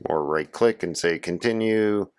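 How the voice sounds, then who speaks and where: Hoarse low-voiced man giving a tech tutorial. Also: measured pace, a little mellow. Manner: casual, instructive, addresses viewers as guys. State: hoarse from a cold. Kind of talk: screen-share tutorial walkthrough.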